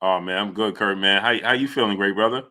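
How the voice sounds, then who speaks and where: A man's voice: fairly low pitch, fast, sharp tone. A man hosting a live boxing talk stream, talking emphatically with repeated fillers and frequent "you understand?". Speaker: sports talk show host.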